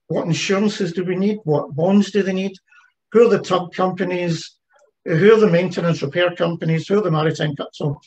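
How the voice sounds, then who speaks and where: A man's voice: a little high, darkish tone, rough recording. A man giving an online presentation about a heritage ship project, talking conversationally with frequent fillers and restarts. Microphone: video call.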